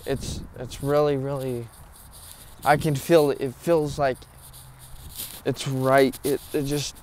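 A nervous young man speaks slowly to his audience, rambling and swearing, a little out of breath. He is outdoors at night, with faint background noise around him. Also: mid-range voice, flat delivery, darkish tone. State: short of breath. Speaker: paranormal vlogger. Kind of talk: casual vlog talk to camera.

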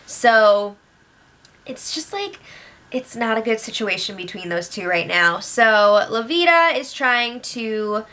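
Bright-voiced chatty young woman. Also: on the high side, expressive, takes it slowly. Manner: chatty, gossipy, many fillers and acted quotes. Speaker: show recap host. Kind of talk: casual spoiler recap.

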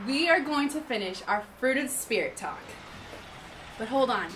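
A woman leads a children's church lesson in a high, animated voice that swings up and down, acting out little scenes of frustration in a playful way. She takes her time, and she sounds a little distant from the mic while clear music plays behind her. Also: a little slow. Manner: lively, exaggerated storytelling, acting out frustration.

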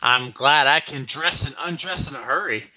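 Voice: mid-range voice, normal speed, bright, forceful tone, dull audio. A performer voicing a cocky young male speedster hero, mischievous and gleeful, reading a comic aloud.

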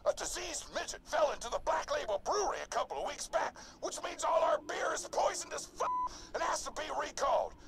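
A man's voice: very high voice, expressive, fairly quick, few pauses. An actor voicing a brash, crude male quest giver who barks his orders. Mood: urgent. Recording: radio transmission with loud noise.

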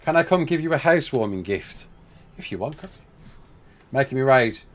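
A young man live-streams a building game, chatting casually in a medium-pitched voice with lively intonation at normal speed. He reads chat messages aloud and narrates each step to himself.

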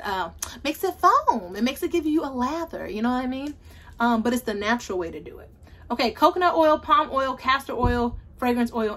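A woman chatting casually to viewers in a beauty haul vlog, animated and talkative. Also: fairly high pitch. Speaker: beauty vlogger. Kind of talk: casual haul video chat. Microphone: ring light setup, camera at desk.

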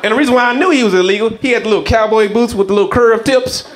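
A man doing a stand-up comedy set onstage, telling stories with lively character voices. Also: high voice, racing, crowd noise, background noise. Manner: animated storytelling, acts out characters. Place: comedy stage before a live audience.

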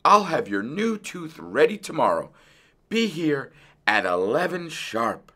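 A man's voice: on the high side, sing-song, measured pace, bright, forceful tone, voice pushed up, heavily acted. A man doing a firm little mouse dentist. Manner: firm, careful. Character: small brave male mouse dentist, firm.

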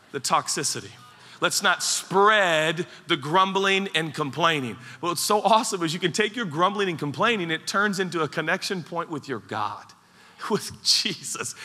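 A man preaching a sermon as pastor, animated and playful, acting out mock voices as he goes. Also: a little high, a little slow. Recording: large hall with long reverb.

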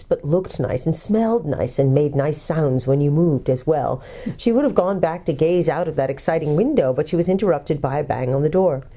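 A woman pastor calmly reading a children's book aloud. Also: deep voice.

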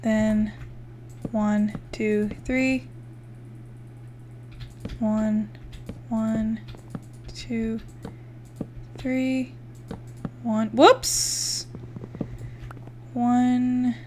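A woman's voice: fairly high pitch, flat delivery, drawn-out words, pauses often, darkish tone, a little hiss or hum. A young woman giving casual let's-play commentary, chatting, swearing freely and counting blocks aloud as she builds. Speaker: gaming YouTuber.

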